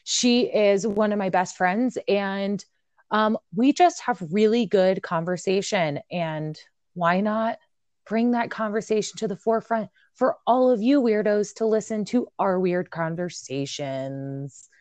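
A woman's voice: medium pitch, a little slow, a little mellow, no room sound. A woman in her thirties from the American Midwest, hosting a casual podcast with blunt, playful, self-mocking talk. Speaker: podcast co-host. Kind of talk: casual chat.

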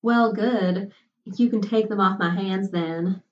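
A shy, sheltered college girl, timid and unsure of herself, as a woman reads her lines. Her voice is pitched a little above the reader's own and comes across distant and muffled. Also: slow, reverberant, natural voice. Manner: timid and hesitant.

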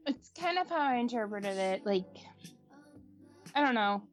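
A woman co-host from the American Midwest in casual chat, giggly and halting, searching for her words. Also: fairly high pitch, animated, soft background music.

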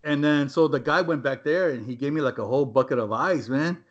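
A man's voice: mid-range voice, brisk. A young man telling a story to friends in a rambling, profane way, with lots of "man" and "right?" tags. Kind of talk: casual storytelling among friends. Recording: dull lo-fi recording.

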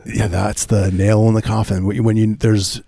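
A man with a low, dark voice and a husky texture, recorded dry and close. He co-hosts a comedy podcast, and plays along deadpan with frequent stammering restarts. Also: moderate pace, no room sound. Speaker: podcast co-host. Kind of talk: casual comedic banter.

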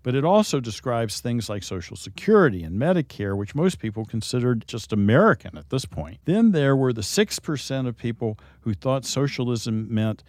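Male host, mid-pitched voice, dry close sound, instructive commentary. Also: no echo. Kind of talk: explanatory talk-show commentary.

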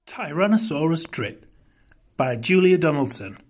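A man hosting a children's story podcast, reading a rhyming tale aloud in a rhythmic, expressive way. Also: a little high, measured pace, faint music behind. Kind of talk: storybook narration.

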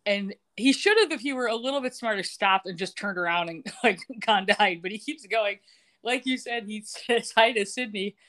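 A woman's voice: medium pitch, normal speed, a bit bright. Giggly chatty woman recapping. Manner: chatty, giggly, often laughing mid-sentence. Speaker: podcast co-host. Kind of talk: casual episode recap.

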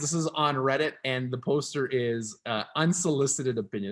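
A man's voice: mid-range voice, normal speed, hardly any pauses, fairly bright tone. A man co-hosting a podcast, talking casually in rambling sentences with frequent restarts. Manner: rambling, restarts often, laughs while reading. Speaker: podcast co-host. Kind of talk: casual chat.

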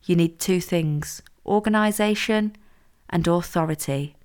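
A woman's voice: fairly low pitch, measured pace, darkish tone, clear, resonant tone, close to an everyday voice. A woman voicing a confident, scheming young woman who pushes her friend around, in a read-aloud story. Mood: bossy. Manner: confident, pushy, teasing.

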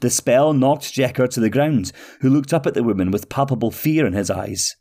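A man hosting a storytelling podcast, reading a fairy tale in steady, expressive narration. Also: medium pitch, moderate pace, gravelly, few pauses.

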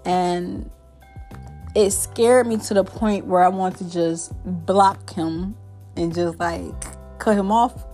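A woman's voice: lowish voice, takes it slowly, mellow, soft background music. A young woman talking candidly and at length in a personal podcast monologue, rambling with many fillers.

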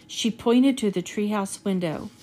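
A woman's voice: mid-range voice, a little slow, warm tone. Woman reading a children's book aloud. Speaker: reader.

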